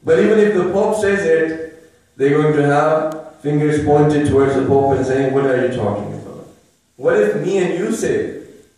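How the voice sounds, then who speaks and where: A man's voice: on the high side, moderate pace, darkish tone. A man giving an emphatic religious talk to a live gathering, repeating his phrases and pressing rhetorical questions. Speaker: religious speaker. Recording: very echoey room, voice from far off. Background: listeners murmuring responses.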